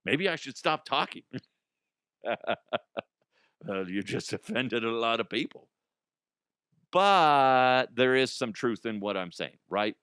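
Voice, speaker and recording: A man's voice: medium pitch, expressive, slow pace, pauses often, a bit bright, clean tone, no room sound, studio quality. A man hosting a comedy news show, rambling and profane, often dropping into silly put-on voices.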